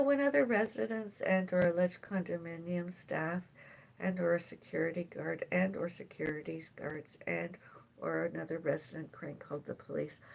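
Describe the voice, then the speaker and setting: A woman chatting on a live stream from home in a meandering way, sighing often and drifting between loud and soft. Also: lowish voice, creaky, slight background noise, low-quality recording. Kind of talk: rambling live stream chat. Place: at home, indoors.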